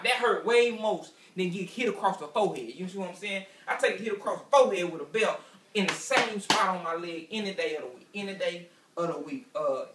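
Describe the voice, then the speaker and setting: A man's voice: high-pitched, pushed and bright, recorded from a distance. A man doing a stand-up comedy routine, telling loose, repetitive stories with asides to the crowd. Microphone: camera from a distance. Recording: echoey room picked up from afar.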